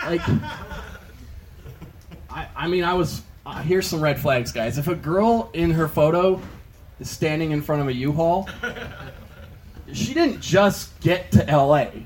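A man's voice: a little high, slight background noise, rough recording. A young man doing a stand-up comedy set on a club stage, rambling with lots of filler words. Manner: rambling, filler-heavy delivery with many "like"s.

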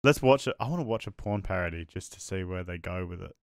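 A man's voice: sits low, animated, fast talker, dry recording, studio quality. A young man, a podcast co-host, joking crudely in casual banter.

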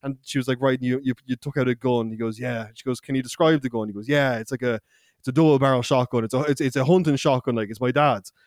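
A man's voice: mid-range voice, fairly even intonation, quick pace, darkish tone, no echo, studio quality. A young Irish man, a podcast co-host, telling a loose, profane anecdote in casual chat, laughing and acting out quotes. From Ireland.

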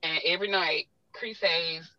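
A woman's voice: fairly low pitch, steady tone, unhurried, dry recording, highs cut off. A talkative woman with a Southern US accent, a guest sharing personal stories in a heartfelt way. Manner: talkative, heartfelt, self-described talker. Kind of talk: emotional personal storytelling.

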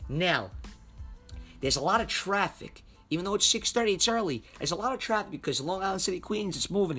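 Man, high-ish voice, spins a swear-laden story with big swings in pitch; faint music under. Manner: animated, heavy cursing. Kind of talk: profane personal anecdote.

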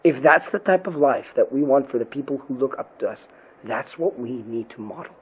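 A man's voice: medium pitch, a little fast, slightly rough, low-quality recording. A man, a pastor, giving an earnest podcast talk on parenting and faith, often asking rhetorical questions.

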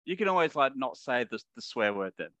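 A man with an Australian accent co-hosting a podcast in relaxed, playful casual chat. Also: mid-range voice, fast, no echo, lo-fi sound. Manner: relaxed, playful, likes cursing. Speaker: podcast co-host.

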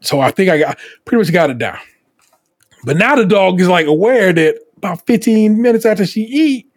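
A man hosting a casual podcast, telling stories in an animated way with swearing and acted quotes. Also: high-pitched, fairly quick. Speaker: podcast host.

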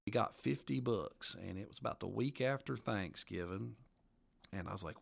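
A man's voice: lowish voice, moderate pace, creaky. A man, an author being interviewed, telling local history in a folksy, rambling way. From western North Carolina mountains. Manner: folksy, rambling, laughs at his own stories. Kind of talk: casual storytelling interview.

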